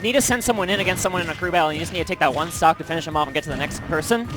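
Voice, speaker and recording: A man calling play-by-play commentary for a fighting game tournament, reacting excitedly to the action. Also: on the high side, over music. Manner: excited, quick calls of the action. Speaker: esports commentator. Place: large indoor tournament venue.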